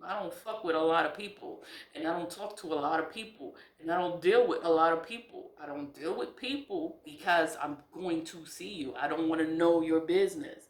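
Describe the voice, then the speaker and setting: A woman talking in a casual, unscripted monologue as a spiritual vlogger. She is blunt and profane, repeats phrases for emphasis, and mocks others in high, exaggerated voices. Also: normal speed. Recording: echoey room.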